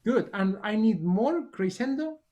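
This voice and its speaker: A male clarinet teacher coaches a masterclass by video call, giving brief encouraging directions between demonstrations. His high-pitched voice has lively intonation and a measured pace, though the audio is dull and loud music plays behind him.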